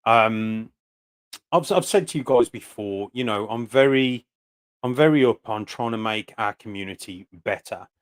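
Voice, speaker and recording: A man's voice: on the low side, unhurried. A British man hosting a casual live stream, greeting viewers by name in a chatty, rambling way with many fillers. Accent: British English. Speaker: host of a live stream for snake breeders.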